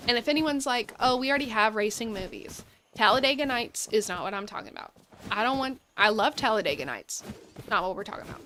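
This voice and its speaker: A woman's voice: medium pitch, lively intonation, fairly quick, sharp tone, a little hiss or hum. A woman streaming gameplay, chatting casually and rambling through enthusiastic tangents while seated at her gaming setup. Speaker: game streamer.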